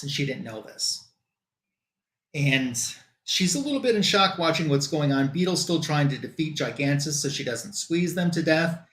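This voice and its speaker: A man's voice: medium pitch, a bit bright, roomy sound. A man casually retelling a comic book story as a show's reviewer, quoting the characters as he goes.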